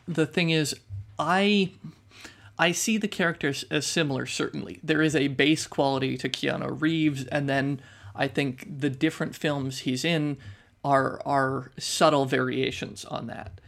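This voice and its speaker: Male podcast co-host, gravelly, slightly high, thoughtful, stammers. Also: fairly even intonation, unhurried, fairly bright tone. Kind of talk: casual chat.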